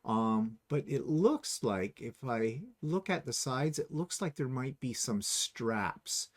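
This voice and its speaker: A man's voice: medium pitch, animated, slow. A middle-aged man hosting a quilting show in casual chat, rambling a little and correcting himself as he goes. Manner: chatty, rambling, self-correcting. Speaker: host.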